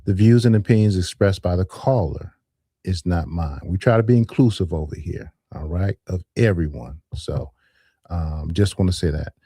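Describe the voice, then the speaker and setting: Calm low-voiced man hosting a call-in show. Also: husky, dry recording, clean studio sound. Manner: calm, measured, repeats "all right".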